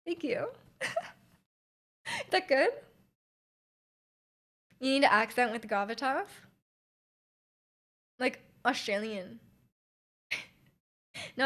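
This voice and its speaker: A woman's voice: high voice, a bit bright. A young woman from Canada with a Canadian accent, chatting casually with her stream chat, rambling and trailing off between laughs. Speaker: Twitch streamer.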